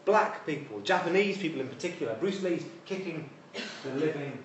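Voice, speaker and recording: A man's voice: fairly high pitch, expressive, brisk, muffled recording, a little hiss or hum. A man giving an informal university lecture with wry, conversational asides. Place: lecture hall. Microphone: distant room mic. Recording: echoey hall from far off.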